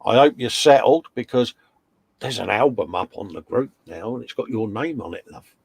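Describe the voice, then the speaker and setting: A British man hosting a relaxed live chat from his home workshop, reading out viewer messages with slangy, teasing banter. His voice sits at a middle pitch. The sound is close and completely dry. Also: moderate pace, gravelly, slightly rough, no room sound. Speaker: live stream co-host.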